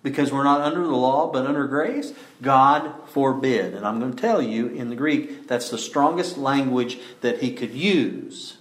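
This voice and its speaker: A man delivers a sermon emphatically, frequently posing rhetorical questions and slowing down to stress important words. His voice is medium in pitch and expressive, and the recording is reverberant.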